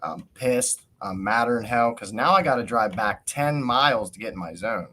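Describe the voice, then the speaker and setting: A man's voice: mid-range voice, moderate pace, slight background noise. A man hosting a podcast, telling a story in a casual, ranting way, swearing often and acting out what people said. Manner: animated rant, swears often, acts out quotes. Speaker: podcast host.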